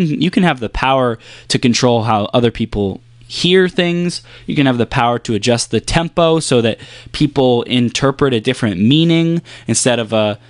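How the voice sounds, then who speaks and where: A man giving a motivational talk about silence and pacing, using deliberate pauses and shifting his pace and softness to demonstrate. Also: medium pitch, dry recording.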